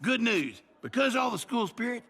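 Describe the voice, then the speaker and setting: A fussy, high-voiced board member. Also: male voice, very animated, moderate pace, a bit bright, breathy edge, full character voice. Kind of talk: animated sitcom voice acting.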